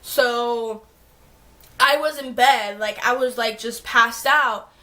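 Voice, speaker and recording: A woman's voice: fairly high pitch, takes it slowly, sharp tone. A young adult woman vlogging, telling a long story casually and filling her talk with "like". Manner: rambling, heavy use of "like" fillers.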